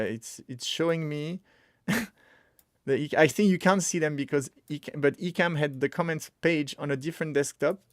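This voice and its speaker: A man hosting a casual live coding stream, talking excitably and thinking aloud with frequent restarts. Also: fairly high pitch, vocal fry, no room sound, clean studio sound. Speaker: streamer teaching web development.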